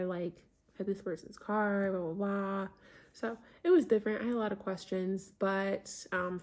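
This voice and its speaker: A woman's voice: mid-range voice, creaky, darkish tone. A young adult woman vlogger telling a casual storytime, chatty with lots of fillers. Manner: chatty, many fillers, embarrassed retelling.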